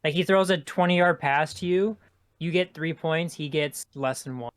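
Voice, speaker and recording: Podcast regular, male, slightly high voice, close dry sound, deadpan. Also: moderate pace, dry recording. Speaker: podcast co-host. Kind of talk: casual chat.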